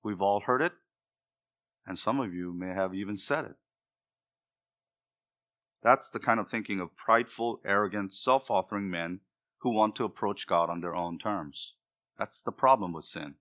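A man's voice: on the low side, normal speed, long pauses, fairly bright tone. A male pastor preaching a sermon, with emphatic delivery that rises and drops for emphasis.

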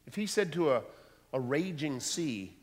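A man preaching a sermon, animated and acting out voices from the scripture he reads. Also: a little high, measured pace, a little hiss or hum. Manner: animated, acts out voices in quotes. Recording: long hall reverb.

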